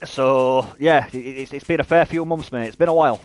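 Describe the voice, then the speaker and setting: A chatty British man in his thirties rambles while he plays a game on stream. He keeps tripping over his words and repeating them before he gets a sentence out. His voice sits at an ordinary middle pitch for a man. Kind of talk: casual chat while gaming on stream.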